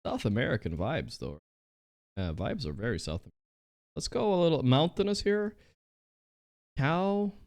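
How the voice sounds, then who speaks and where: Excitable streamer man, lively pitch. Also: unhurried, creaky, pauses often. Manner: excitable, trash-talking, thinks out loud. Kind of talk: casual live-stream commentary while playing.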